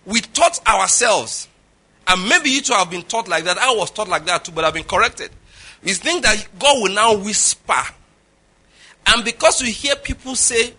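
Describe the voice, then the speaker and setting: Nigerian male pastor, humorous sermon, acts out dialogue, bright forceful voice, higher pitch. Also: big pitch swings, brisk, slightly rough. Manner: humorous storytelling, acts out dialogue, laughs often.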